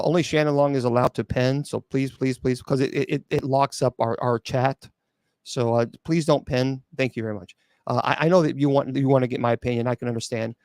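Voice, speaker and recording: With a medium-pitched, darkish voice recorded in a studio without echo, a middle-aged man hosts a live call-in show as an exorcist bishop. He responds to chat questions bluntly and sarcastically, mimicking doubters to mock them, with frequent restarts and fillers.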